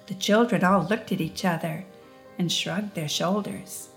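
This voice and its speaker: A woman narrating a children's storybook in a gentle, expressive way. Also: lowish voice, unhurried, faint music behind.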